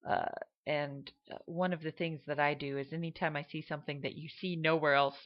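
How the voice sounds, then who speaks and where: A woman's voice: low-pitched, steady tone, a little fast. A woman explaining regional accents in a casual, hesitant way, with many fillers. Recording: dull lo-fi recording.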